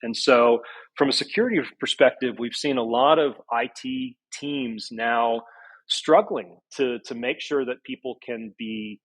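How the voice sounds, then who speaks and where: A man lays out his points on a podcast in a measured, explanatory manner. His voice is mid-pitched with a husky edge. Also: fairly bright tone, poor audio. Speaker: product strategy guest. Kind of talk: podcast discussion.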